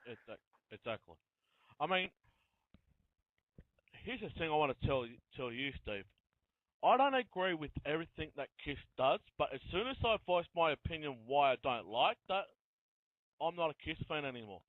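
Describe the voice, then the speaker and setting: A man hosts an interview in long, chatty, run-on turns, his voice fairly high. The sound is dry and thin, like a phone line. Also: sing-song, normal speed, pauses often, no echo. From Australia. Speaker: interview host. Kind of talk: casual interview talk. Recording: tinny phone-line audio.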